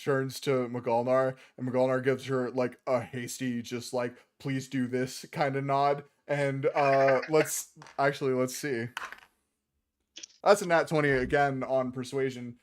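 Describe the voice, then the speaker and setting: A man runs a tabletop game as its game master, describing scenes and calling for dice rolls. He talks in a relaxed, jokey way and reaches for crude humor. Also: mid-range voice, measured pace. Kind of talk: casual tabletop game narration.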